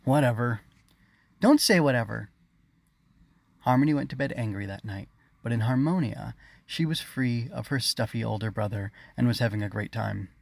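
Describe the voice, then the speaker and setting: A man reads his own children's fantasy tale aloud in steady, expressive storybook narration. His voice sits in a middle pitch with a gravelly edge. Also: brisk, no echo.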